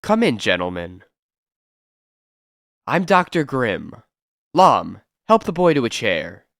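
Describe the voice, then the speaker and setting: A man's voice: medium pitch, huge pitch swings, slow, vocal fry, fairly bright tone, no echo, studio quality, heavily acted. A man voicing a sinister male asylum doctor who sounds politely menacing. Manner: silkily polite, veiled threats.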